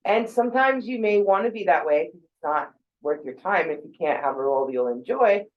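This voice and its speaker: A woman's voice: fairly low pitch, expressive, brisk, dull audio. A woman in her forties giving a casual, conversational talk about thinking habits, with fillers and quoted asides. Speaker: speaker on mental health.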